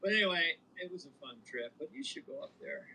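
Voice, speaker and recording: A man's voice: on the high side, quick pace, breathy edge, rough recording. A man from Montana, co-hosting a podcast, telling stories in casual chat and slipping into old-timey voices. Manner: animated storyteller, slips into old-timey voices. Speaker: podcast co-host.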